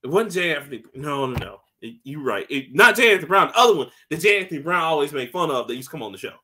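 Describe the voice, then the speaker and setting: Male podcast co-host, higher bright voice, animated casual storyteller. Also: fast. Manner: animated storyteller, acts out scenes, laughs often, swears. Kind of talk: casual chat, recapping a TV episode.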